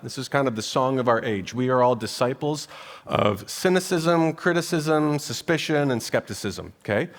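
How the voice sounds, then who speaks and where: A young man delivers a sermon in a sanctuary with a long, lingering reverb, his voice sitting at an ordinary middle pitch. He preaches emphatically, stacking up rhythmic lists and pushing his emphasis higher as he goes. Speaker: pastor. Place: church sanctuary.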